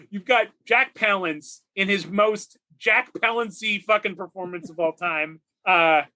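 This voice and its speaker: A man in his forties from California, co-hosting a movie podcast, rambling excitedly and laughing often. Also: high voice, measured pace. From Redlands, California. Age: 40s. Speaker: podcast co-host. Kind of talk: casual movie podcast chat.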